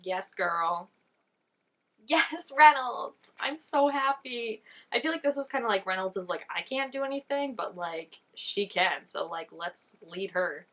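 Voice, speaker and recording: A woman's voice: fairly low pitch, animated, moderate pace, few pauses, sharp tone. Gushing young woman reacting to TV. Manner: gushing, chatty, frequent "like" fillers. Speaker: reaction channel host. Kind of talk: casual reaction commentary.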